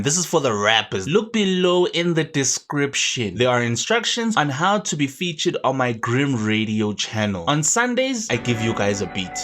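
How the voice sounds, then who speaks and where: Young south african dude doing a sarcastic rant vlog, bouncy pitch, dry sound. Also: male voice, no echo. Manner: sarcastic, animated, jokey asides. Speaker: YouTube host.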